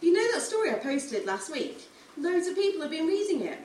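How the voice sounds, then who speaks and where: A cheeky, laid-back teenage boy from a novel read aloud, as a woman puts him on, talking casually with a lively lilt. The sound is roomy and distant. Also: extremely high pitch, a little fast, a little hiss or hum, voice pushed up. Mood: offhand. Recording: roomy room, distant mic.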